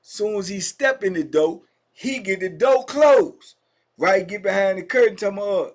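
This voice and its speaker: High-voiced male storyteller. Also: normal speed. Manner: animated, slangy, addresses listeners directly. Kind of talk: casual storytelling.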